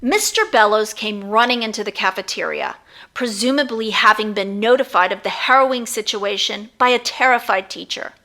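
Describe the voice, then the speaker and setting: A woman's voice: mid-range voice, normal speed. A woman narrating her own children's book as an audiobook, reading expressively. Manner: expressive storytelling.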